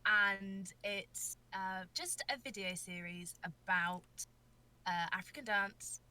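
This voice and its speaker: A woman's voice: medium pitch, steady tone, slow pace, pushed and bright. A young woman chatting as a podcast guest over a voice call, hesitant with fillers and self-deprecating. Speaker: guest, video creator. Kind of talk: casual chat on a podcast.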